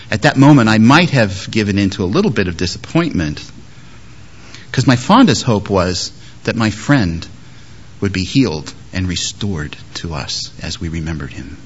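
Animated man preaching a sermon. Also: medium pitch, slightly rough, highs cut off. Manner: lively, shifts between loud emphasis and soft quoted words. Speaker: pastor.

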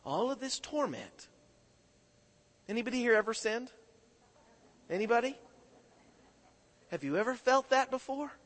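A man's voice: extremely high pitch, expressive, measured pace, pauses often, fairly bright tone. A man preaching a sermon who keeps putting questions to his congregation and calling for their answers. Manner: questions the congregation, call-and-response. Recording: echoing hall reverb.

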